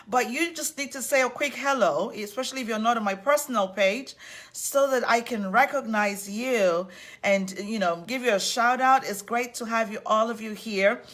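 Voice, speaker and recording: A woman with a fairly high voice hosts a live online talk series. She is effusive and upbeat, greeting viewers one by one as they join. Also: a bit bright. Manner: effusive and upbeat, repeatedly welcoming people. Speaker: host of an online civility series.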